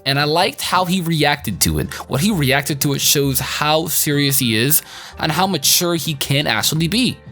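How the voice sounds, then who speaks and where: Male reviewer, casual and excitable, slangy rambling delivery, lively up-and-down voice. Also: on the high side, moderate pace, soft background music. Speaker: anime reviewer.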